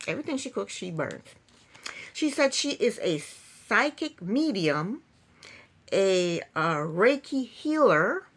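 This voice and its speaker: A woman's voice: a little high, a bit bright. A woman giving a casual, sarcastic recap of a reality show, laughing often. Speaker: TV recap youtuber.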